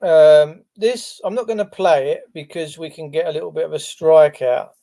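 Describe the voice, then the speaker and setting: A man's voice: on the high side, moderate pace, dark tone. A man hosting a casual livestream, rambling and chatty with lots of fillers. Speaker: livestream host. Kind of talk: casual live-stream chat.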